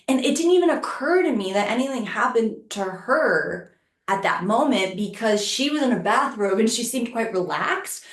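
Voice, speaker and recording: Animated woman telling a story in an echoey room. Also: medium pitch, moderate pace. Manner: animated, acts out quoted voices with laughs. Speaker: podcast co-host. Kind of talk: candid storytelling on a podcast.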